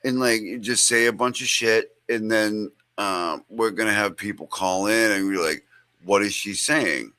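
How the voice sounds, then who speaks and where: A man's voice: fairly low pitch, fairly even intonation, normal speed, few pauses, sharp tone, smooth, no echo. A man hosting a show, chatting casually in a rambling, profane way. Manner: rambling and profane, with many fillers. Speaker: show host. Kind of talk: casual chat.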